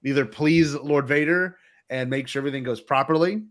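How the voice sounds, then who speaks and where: A man's voice: medium pitch, fairly quick. A man chatting casually as a player in a tabletop game, eager and repeating himself. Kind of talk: casual role-play chat.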